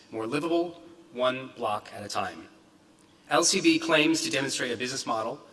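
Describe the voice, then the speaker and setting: A man's voice: mid-range voice, sharp tone. A man hosting an event, reading an introduction of the guest speaker from notes, with fillers and some stumbles. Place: event hall. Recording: distant, echoey hall.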